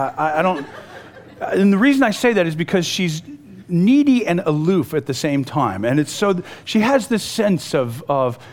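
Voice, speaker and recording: 高めの声で抑揚豊かに語る男性説教者。くだけた語り口で、言い直しを交えながら話す。. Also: male voice, sits high. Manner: conversational and animated, with frequent restarts and storytelling. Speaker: preacher. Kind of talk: sermon.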